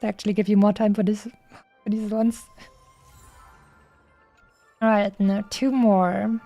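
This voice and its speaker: A woman's voice: medium pitch, level tone, measured pace, warm tone, faint music behind. A woman streamer reading game dialogue aloud in a playful way, stopping often on fillers as she goes.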